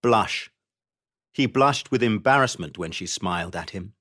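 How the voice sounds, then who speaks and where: Lively, slow-reading man. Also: lowish voice. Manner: clear, expressive reading of examples. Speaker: textbook audio reader. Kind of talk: scripted vocabulary reading.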